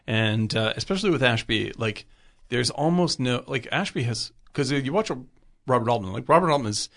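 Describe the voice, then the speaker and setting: A man in casual film chat, rambling with lots of fillers and getting animated when he retells scenes. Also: medium pitch, normal speed, gravelly.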